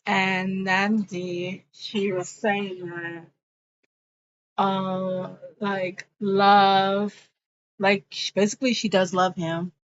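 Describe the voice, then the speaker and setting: A woman's voice: medium pitch, level tone, very slow. A woman giving a chatty, slangy, casual recap of a TV episode. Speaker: show recapper. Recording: dull lo-fi recording.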